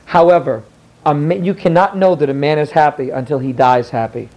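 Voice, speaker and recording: A man voicing a wise ancient statesman who gives measured advice. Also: a little high, a little mellow, natural voice, low-quality recording. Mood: calm.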